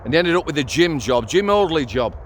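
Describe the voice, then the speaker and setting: A man's voice: a little high, expressive, fast talker, a little hiss or hum. Blunt sweary man. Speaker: former prison officer, channel host. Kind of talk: casual vlog storytelling.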